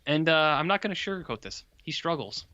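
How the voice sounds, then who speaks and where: A man co-hosting a podcast, casually retelling a horror film in a rambling, animated way. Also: a little high, fairly quick, smooth, no echo, dull audio. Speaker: podcast co-host reviewing horror films. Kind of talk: casual chat.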